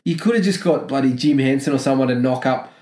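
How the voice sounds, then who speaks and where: A man's voice: medium pitch, fast talker, a little mellow. Man, sarcastic, casual review chat, roomy echo. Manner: sarcastic, laughs while ranting. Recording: echoey room.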